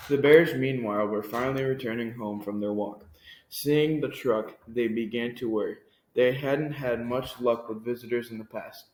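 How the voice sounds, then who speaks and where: A man reading a picture book aloud with expressive storytelling and shifting pace. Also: medium pitch, normal speed. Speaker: reader. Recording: echoey room.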